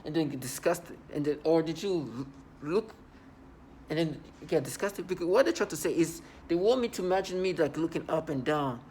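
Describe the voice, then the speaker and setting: A man's voice: fairly high pitch, lively intonation, moderate pace, a little mellow, slight background noise. A man talking straight to camera in a casual monologue, agitated and rambling, repeating himself often.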